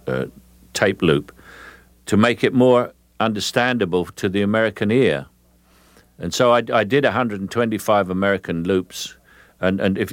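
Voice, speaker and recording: A man's voice: deep voice, dry recording. A man with a Cockney accent, an actor telling long stories in an interview, full of restarts and fillers. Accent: London Cockney. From England. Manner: rambling storyteller with many restarts and fillers. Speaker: actor guest. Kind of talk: relaxed interview answers.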